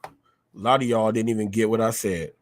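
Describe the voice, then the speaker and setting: A man with a low-ish voice and steady tone talks fairly quickly. He's the host of his own live show, combatively ranting at viewers and repeating phrases for emphasis.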